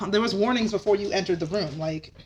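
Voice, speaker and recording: A woman's voice: medium pitch, quick pace, husky, poor audio. A woman guest on a podcast, chatting casually and easily.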